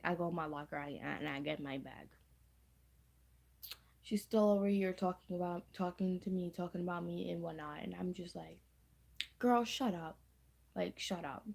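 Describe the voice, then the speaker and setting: A teenage girl tells a storytime to camera for her vlog, chatty and slangy, repeating her phrases as she goes. Her voice is lowish and gravelly with a darkish tone.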